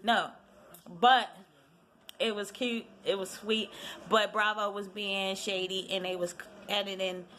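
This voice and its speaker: A woman gossips her way through a reality TV recap in loose, slangy casual talk. She gets animated and acts out the cast's lines as she goes. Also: mid-range voice, a little slow, slight background noise. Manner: chatty, animated retelling with quoted voices; lively, slangy storytelling. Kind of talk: casual chat.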